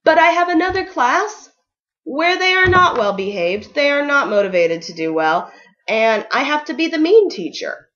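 A woman's voice: high-pitched, big pitch swings, moderate pace, fairly bright tone, lo-fi sound. A young woman teacher giving casual, upbeat advice in a vlog, full of ums and likes. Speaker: ESL kindergarten teacher.

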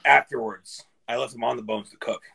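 A man's voice: medium pitch, steady tone, brisk, vocal fry, crowd noise. A middle-aged man, a barbecue guest, telling loose stories in a casual live chat, swearing and laughing as he goes.

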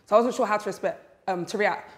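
A woman, talking emotionally and close to tears in a reality show chat, halting and full of slang. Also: mid-range voice. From England. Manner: tearful, halting, uses London slang. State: close to crying. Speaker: reality show cast member.

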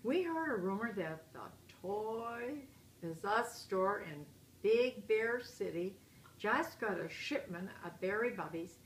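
A woman's voice: medium pitch, animated, slow pace. Eager little boy bear cub, read by a woman. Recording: roomy echo, faint hiss.

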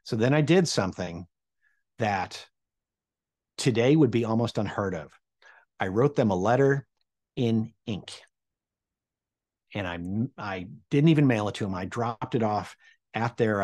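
With long pauses and a slightly slow delivery, a man with a lowish, darkish voice tells a personal anecdote to camera. He's in his forties, from the Midwestern United States, and acts out quoted people with big vocal jumps.

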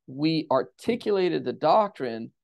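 A man as a guest on a podcast, answering questions in a measured, explanatory way, like a lecturer. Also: fairly high pitch, sing-song, gravelly, dull audio. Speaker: theologian guest.

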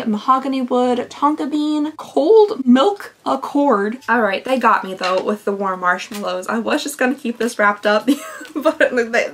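A woman's voice: on the high side, a little hiss or hum. A young woman vlogging a beauty unboxing in casual chat, chatty and giggly, her voice a little worn as she is losing it.

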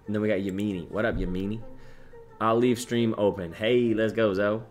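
Soft background music accompanies a fairly low-voiced young man speaking at normal speed. The twenty-something streamer casually reads chat messages aloud, cursing occasionally and animatedly naming viewers and their locations.

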